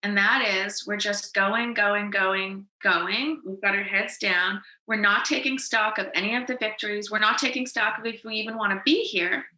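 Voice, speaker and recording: A woman in her forties from Canada, a podcast guest telling her life story in lively, animated fashion, acting out what she said back then. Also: mid-range voice, moderate pace, hardly any pauses, reverberant, low-quality recording. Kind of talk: storytelling in a casual interview.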